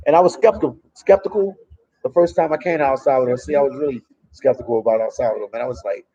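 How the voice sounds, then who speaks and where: A fast-talking man from Memphis chats on a travel livestream at a café in El Salvador, loose and talkative as he reads and answers viewer comments. His medium-pitched voice is mellow and slightly rough, and the recording is muffled.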